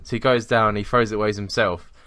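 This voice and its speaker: A man's voice: lowish voice, fairly even intonation, fast talker, bright, forceful tone, no echo. A man co-hosting a podcast, telling a rambling work story in casual chat, swearing and laughing as he goes. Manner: rambling, swearing, laughs at his own stories. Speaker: podcast co-host.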